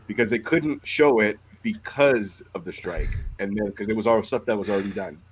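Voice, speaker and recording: A man's voice: fairly low pitch, normal speed, breathy edge, rough recording. Rambling man in profane podcast chat. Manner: rambling, profane, trails off mid-thought. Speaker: podcast co-host. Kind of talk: casual chat.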